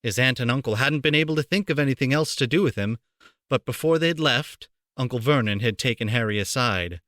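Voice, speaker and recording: A man reading a storybook aloud for children, playful and animated, on a close home mic. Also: medium pitch, fairly quick, no echo. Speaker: amateur voice actor reading aloud.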